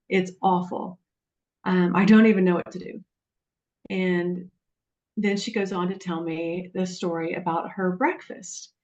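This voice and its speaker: A woman coach telling client stories on a webinar, animated and acting out the voices of the people she quotes. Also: on the low side. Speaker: guest coach. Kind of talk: storytelling on a webinar. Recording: dull, lo-fi webinar audio.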